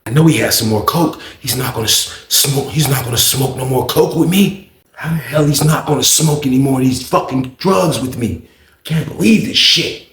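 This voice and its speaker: A man voicing a stunned, dejected male inmate who mutters to himself, low and hushed. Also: normal speed, roomy sound, close to an everyday voice. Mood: disbelieving.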